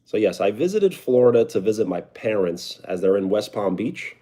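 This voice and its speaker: A man's voice: lowish voice, big pitch swings, normal speed, dark tone. A young man with a New York accent, chatting casually on a live stream and answering viewer comments. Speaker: livestreamer.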